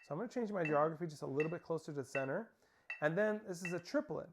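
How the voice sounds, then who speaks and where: A man's voice: fairly high pitch, animated, fast, background noise. Man counting off snare drum drills. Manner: counts aloud and calls out stickings and cues. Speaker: percussion instructor. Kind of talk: snare drum lesson instruction. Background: snare drumming.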